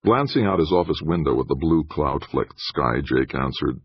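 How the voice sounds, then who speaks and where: Male audiobook narrator, steady storytelling, very low pitch, husky, lively pitch, dry dull recording. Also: normal speed, few pauses, no room sound. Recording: dull dry studio sound.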